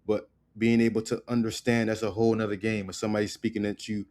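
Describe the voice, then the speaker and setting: A man teaching a casual online language lesson. He drills words slowly and keeps checking in with "right?" and "okay?". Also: fairly low pitch, flat delivery, darkish tone.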